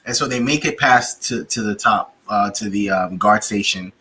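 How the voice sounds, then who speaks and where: A man co-hosting a casual review chat, retelling scenes in a lively way and jumping into high-pitched bursts when he acts out characters. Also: normal speed, slight background noise, rough recording. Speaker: podcast co-host reviewing a TV series.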